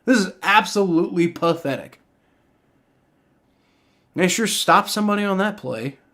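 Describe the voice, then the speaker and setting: A man's voice: high voice, lively intonation, moderate pace, fairly bright tone. A man live-streaming a game reaction, ranting in exasperation with heavy profanity and frequent stammering restarts.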